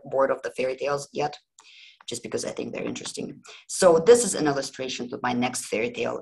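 A woman's voice: extremely low pitch, gravelly, rough recording. A woman hosting a history podcast, retelling fairy tales in a chatty, informal way with many asides. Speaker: podcast host. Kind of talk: casual storytelling.

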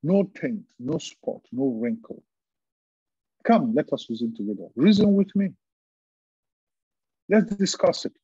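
A man preaching a sermon as pastor, fervent, with repeated phrases and emphatic pauses. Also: fairly high pitch, dark tone, breathy edge, dry recording, dull audio.

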